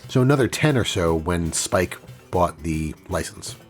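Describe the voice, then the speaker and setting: Lively low-voiced male podcast co-host. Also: a little slow, soft background music. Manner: chatty, hesitant, with many fillers. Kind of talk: casual podcast chat.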